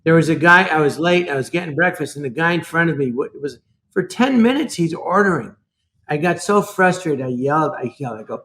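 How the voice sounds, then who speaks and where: A man joins a comedy podcast over a video call and tells his story in a loud, brash way. His voice is bright and cutting and sits on the high side, and he belts out the punchlines. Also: lively intonation, normal speed. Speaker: guest. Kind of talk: casual comedic chat.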